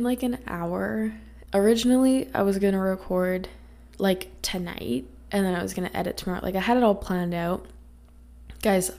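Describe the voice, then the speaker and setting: Podcast host, young woman, raspy, gravelly as she's getting sick, chatty and rambling. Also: mid-range voice, warm tone. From Canada. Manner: chatty, rambling with many fillers. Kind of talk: casual chat.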